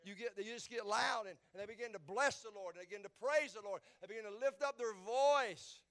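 A pastor preaching a sermon, dropping to low murmurs and rising to shouts. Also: male voice, a little fast, hardly any pauses.

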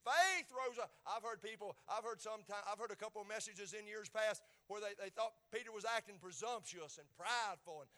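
High, bright-voiced Appalachian preacher. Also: male voice, fairly quick, few pauses. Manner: folksy, swings from quiet asides to shouted climaxes. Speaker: pastor. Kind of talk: sermon.

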